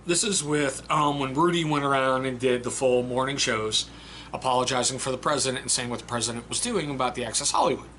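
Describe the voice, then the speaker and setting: A man talks through a book in a blunt, casual way, swearing now and then. His voice is bright and forward. Faint background noise sits under the recording. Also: mid-range voice, a little fast. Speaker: book reviewer. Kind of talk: casual spoken book review.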